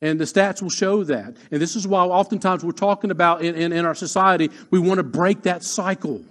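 A man preaching a sermon as pastor, emphatic, slowing down to repeat his key lines. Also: high voice, fairly even intonation.

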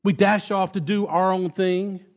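Man preaching, high pitched, emphatic, chatty, trips over his words sometimes. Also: fairly even intonation. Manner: conversational and emphatic, with halting restarts. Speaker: pastor. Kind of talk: sermon.

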